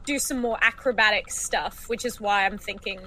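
A woman's voice: medium pitch, moderate pace, sharp tone, slight background noise. A woman in casual chat as an eager player in a tabletop role-playing game.

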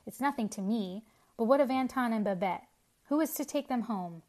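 Brisk storybook witch, read by a woman; high, exclaiming, bossy. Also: expressive, darkish tone, lightly acted. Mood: impatient. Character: lively cheerful female witch with broom.

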